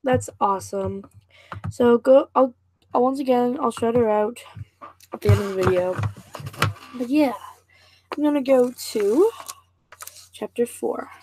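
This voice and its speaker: A woman's voice: on the high side, measured pace, long pauses, warm tone, slight background noise, rough recording. A woman casually reading a novel aloud, stumbling and restarting over words now and then. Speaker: reader and channel host.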